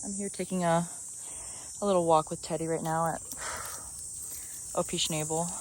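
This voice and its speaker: A woman's voice: low voice, fairly even intonation, moderate pace, background noise. A young woman chatting casually to her phone camera as she walks her dog on an outdoor trail. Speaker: vlogger. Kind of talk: casual vlog talk to camera.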